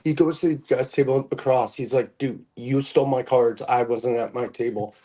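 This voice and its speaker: A man in a casual convention chat, telling relaxed anecdotes. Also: medium pitch, moderate pace, poor audio.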